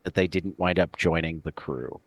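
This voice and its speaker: A man co-hosting a comics podcast in casual chat, relaxed and agreeable, often stumbling over his words. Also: low voice, normal speed, dry recording. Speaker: podcast co-host.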